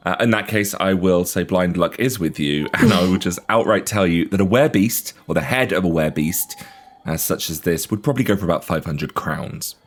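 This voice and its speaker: Male game master for a tabletop game, low voice, dry humor. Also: brisk.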